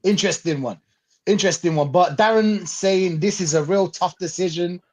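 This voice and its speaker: A man's voice: high voice, moderate pace. A man hosting a casual fan podcast, reading out chat comments with slang and frequent laughter. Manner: excitable, laughs often, slangy.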